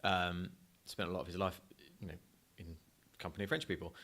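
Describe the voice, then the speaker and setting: A young man with a fairly low voice, chatting casually as a podcast co-host. He rambles and restarts his sentences and slips in jokes. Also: little pitch movement, fairly quick, a bit bright. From Essex, England. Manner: rambling, self-correcting, jokey. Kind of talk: casual chat.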